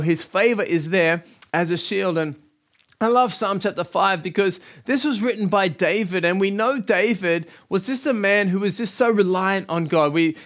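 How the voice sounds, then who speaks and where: Upbeat pastor, high voice. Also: male voice. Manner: warm, encouraging, conversational. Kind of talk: sermon.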